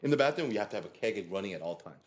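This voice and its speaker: A man's voice: lowish voice, rapid-fire. Casual man telling frat stories. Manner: animated, acts out quotes in the story. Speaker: podcast guest. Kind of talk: casual storytelling.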